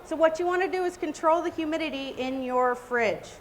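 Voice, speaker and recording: A woman's voice: sits high, a little fast. A woman giving a live cake decorating demonstration, chatty and exclamatory. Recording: reverberant hall with faint noise.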